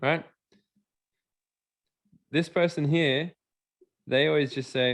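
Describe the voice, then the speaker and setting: A man's voice: a little high, takes it slowly, long pauses, dry recording, clean studio sound. A man giving a motivational seminar talk, acting out characters and asking the audience questions. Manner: animated, acts out characters and quizzes the audience. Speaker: seminar speaker.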